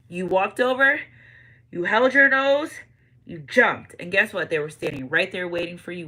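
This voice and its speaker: A woman giving a casual spiritual tarot reading, animated and repeating catchphrases, swinging between loud and hushed. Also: fairly high pitch, normal speed, rough recording. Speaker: tarot reader.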